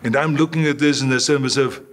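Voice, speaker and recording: Speaking quickly in a steady, medium-pitched voice with a slightly bright quality, this older Austrian interview guest tells stories. His style is anecdotal, with repetition and impersonations of the voices he quotes.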